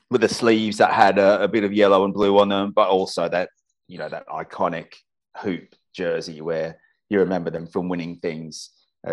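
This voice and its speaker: A man from Australia with an Australian accent, a football commentator talking enthusiastically and restarting his sentences often on a casual podcast. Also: sits low.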